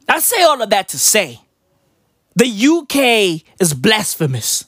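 A man's voice: high voice, huge pitch swings, a little slow, sharp tone, no room sound, clean studio sound. A young man ranting in a brash, profane, slangy stand-up comedy style.

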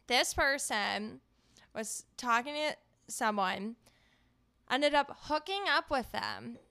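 A young woman in her twenties co-hosts a chatty podcast. Her voice is bright, smooth and clear on a dry, close mic, with plenty of "like", laughter and swearing. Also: sits high, no room sound. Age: 20s. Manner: profane, laughing, filler-heavy. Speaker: podcast co-host. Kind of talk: casual chat.

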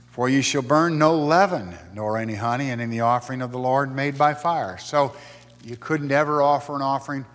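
A man's voice: medium pitch, long reverb tail. A male pastor teaching a sermon in a conversational way, explaining Bible verses and reading scripture aloud.

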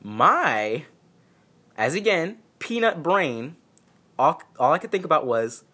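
A man's voice: a little high, big pitch swings, slow, pushed and bright, husky. A young man casually telling a personal story, candid and profane with self-mocking humor.

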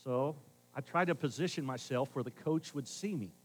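A middle-aged man preaching a sermon as pastor in a conversational way, swinging between loud emphasis and hushed asides. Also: mid-range voice, moderate pace, husky, poor audio.

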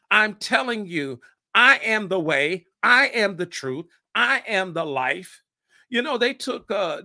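A pastor preaching a podcast sermon with passion, repeating phrases and acting out scripture dialogue. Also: male voice, high voice, sharp tone, dry recording, clean studio sound.

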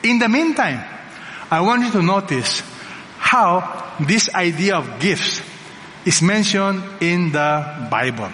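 A man preaches a sermon in a large church hall, his slightly high voice carrying a long reverb. He drives each point home with emphatic repetition and rhetorical questions to the congregation. A faint background hum sits under the room. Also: animated, slow pace, sharp tone. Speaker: pastor.

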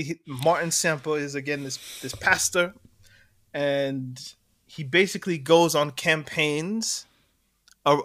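A man co-hosting a podcast, telling a story in animated casual chat and laughing between points. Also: a little high. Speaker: podcast co-host.

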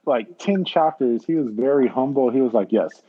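A man co-hosting a podcast in casual chat, animated and laughing as he acts out scenes. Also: medium pitch, normal speed, slightly rough, narrow, tinny audio. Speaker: podcast co-host.

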